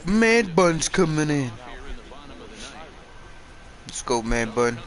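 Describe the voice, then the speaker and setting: A man's voice: on the high side, takes it slowly, poor audio. A young man chatting and swearing casually while playing a baseball video game. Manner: profane, animated banter. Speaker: gamer. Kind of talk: casual gaming commentary. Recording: game crowd noise behind.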